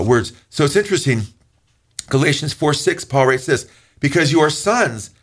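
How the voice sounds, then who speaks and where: A pastor preaching to his congregation in an earnest, conversational way. His voice climbs sharply when he stresses a point. He slows down for scripture passages. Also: a little hiss or hum. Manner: earnest, rises in pitch for emphasis, slows when reading scripture. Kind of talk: sermon teaching.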